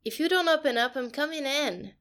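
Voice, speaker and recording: A woman's voice: sits high, animated, a little fast, a bit bright, voice pushed up. A woman voicing a young female tour assistant who speaks in a clipped, no-nonsense way. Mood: firm.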